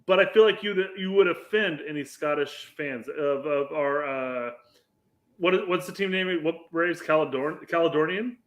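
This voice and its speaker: A man's voice: on the high side, moderate pace, fairly bright tone, roomy sound. A man co-hosting a casual sports podcast who swears freely and teases his partner. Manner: profane, teasing, laughs often. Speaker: podcast co-host. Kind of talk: casual banter.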